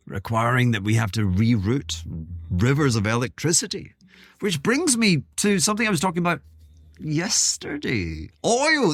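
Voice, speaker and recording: A man's voice: medium pitch, breathy edge, no echo, clean studio sound. A man hosting his own podcast, talking in a rambling, self-interrupting way with wry asides. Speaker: podcast host. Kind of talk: casual solo monologue.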